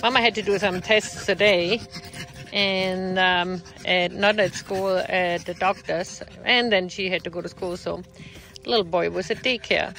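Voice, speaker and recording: A woman's voice: on the low side, fairly even intonation, unhurried, fairly bright tone, faint music behind. A young woman vlogging about her pet dogs, talking casually and cooing to them in baby talk. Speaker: pet vlogger, dog owner.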